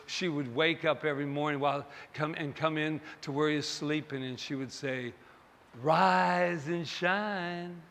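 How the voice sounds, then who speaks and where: A man's voice: fairly high pitch, a bit bright. A male minister giving a sermon in a conversational, self-deprecating way, talking straight to his congregation. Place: church sanctuary. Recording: long hall reverb.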